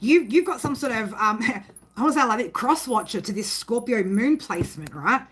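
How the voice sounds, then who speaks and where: A slightly high, somewhat bright and expressive female voice moves at a moderate pace over slight background noise. She's giving a casual tarot reading, rambling and emphatic, with plenty of swearing and frequent "right?" tags.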